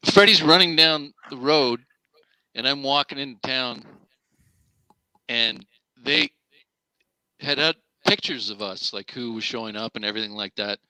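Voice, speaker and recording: A Canadian man, an actor guest, telling an animated story on a video call and swearing freely. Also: mid-range voice, a little slow, pauses often, clear, resonant tone, dry recording, poor audio.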